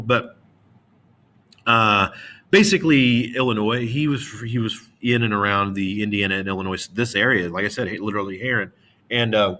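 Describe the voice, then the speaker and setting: A male teacher gives a history lesson to a middle school class. He talks in a casual, slangy way, with frequent fillers and restarts. His voice is bright and somewhat low.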